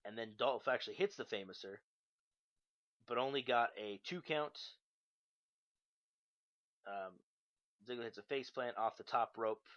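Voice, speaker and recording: A man's voice: medium pitch, measured pace, long pauses, fairly bright tone. A young man casually recapping wrestling shows, loose and profane with lots of ums and uhs. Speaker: podcast host. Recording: dull lo-fi podcast mic.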